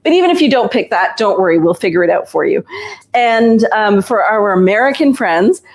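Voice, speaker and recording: A woman's voice: mid-range voice, animated, a little fast. A woman who runs a shop, hosting a casual live stream and explaining ordering and clothes in a chatty, reassuring way.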